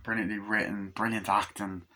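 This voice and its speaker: A man giving a rambling, excited movie review, swearing constantly as he recounts scenes. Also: lowish voice, normal speed. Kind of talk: casual movie review monologue.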